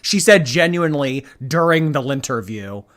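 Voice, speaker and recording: A woman's voice: deep voice, lively intonation, moderate pace. A woman hosting a reaction commentary, talking sarcastically, swearing and mocking in an innocent tone. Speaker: commentary host.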